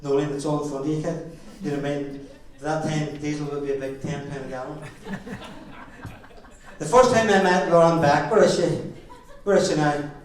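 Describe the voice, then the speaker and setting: A middle-aged Northern Irish man tells chuckling family stories at a wedding, his voice sitting a little high for a man. He stands back from the microphone, and the hall rings with heavy echo around him. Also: normal speed. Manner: jokey storytelling with chuckles. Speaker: father of the bride giving a speech. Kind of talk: wedding speech anecdotes. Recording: very echoey hall, far from the mic.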